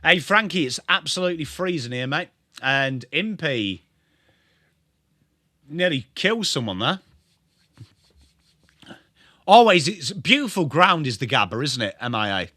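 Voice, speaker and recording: English male streamer, young, bright and animated, calls the footy and chats to viewers, dry close mic. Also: fairly high pitch, measured pace, pauses often, dry recording. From England. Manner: chatty, greets viewers, lively. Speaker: livestream host. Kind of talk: live football watchalong commentary.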